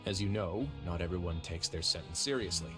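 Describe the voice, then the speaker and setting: A man's voice: low voice, fairly quick, close to an everyday voice. An actor playing a composed, dryly wry male warden in a game. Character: composed, dry-humored male warden duke. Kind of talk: studio game voice acting. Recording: game audio with faint music.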